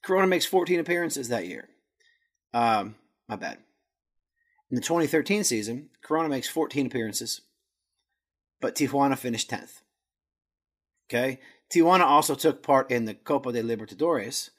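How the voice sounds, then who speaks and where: A podcast host's medium-pitched, fairly bright voice moves with lively intonation at a normal speed, broken by long pauses. He casually rundowns a footballer's career, stumbling over Spanish words and teasing himself.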